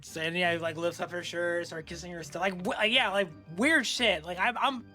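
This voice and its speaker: A man co-hosting a casual movie recap, excitable and full of filler words. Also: sits high, brisk, faint music behind. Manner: excitable, filler-heavy, lots of "like". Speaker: podcast co-host.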